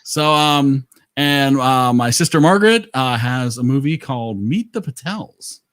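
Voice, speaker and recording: Animated, chatty man on a call. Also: mid-range voice, measured pace, no room sound. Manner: chatty, laughs often, many fillers. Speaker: host of an online movie night. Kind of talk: casual group chat.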